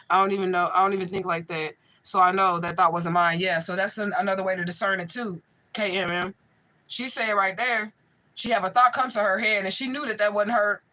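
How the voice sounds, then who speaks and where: A woman's voice: mid-range voice, sharp tone, low-quality recording. A woman working as a spiritual medium, hosting a casual livestream and answering viewers' chat in a blunt, profane way.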